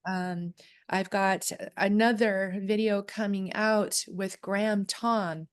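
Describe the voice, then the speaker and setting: A woman's voice: medium pitch, fairly even intonation, slow, clear, resonant tone. A woman co-hosting a casual chat on clan history and family research, often reading aloud from a booklet. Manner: chatty, reads aloud from a booklet. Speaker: co-host.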